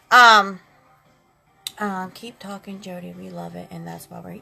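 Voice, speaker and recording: With a creaky, sharp, medium-pitched voice and a measured pace, a sassy woman chats away with viewers on her makeup live stream, calling them girls and honey. Audio quality is poor, and faint eighties instrumental music plays in the background.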